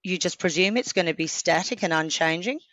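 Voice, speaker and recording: Lively lowish-voiced woman storyteller, dry sound. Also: a little fast, dry recording. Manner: lively storyteller, acts out quotes. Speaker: podcast guest. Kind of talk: casual interview chat.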